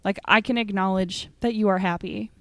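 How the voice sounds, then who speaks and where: A woman talks in a loose, chatty way on a podcast about theater. She is opinionated and keeps dropping "like" into her sentences. Her voice sits at a mid pitch and sounds close and dry, with no room echo. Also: fairly even intonation, moderate pace, a bit bright. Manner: chatty and opinionated, fills talk with "like". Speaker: podcast co-host. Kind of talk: casual chat about musical theater.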